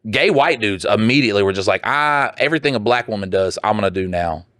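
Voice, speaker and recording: A man's voice: fairly low pitch, animated, fast, fairly bright tone, no room sound, studio quality. A man co-hosting a podcast in crude casual chat, blunt and profane, reading listener letters aloud. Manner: blunt, profane, mocking put-on voices. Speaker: podcast co-host.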